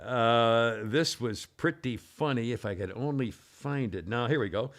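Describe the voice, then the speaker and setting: A man's voice: mid-range voice, takes it slowly. A man hosting a casual talk show, rambling and chuckling as he reads out funny headlines. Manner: rambling, chuckling at his own material. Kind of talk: casual chat, reading headlines aloud.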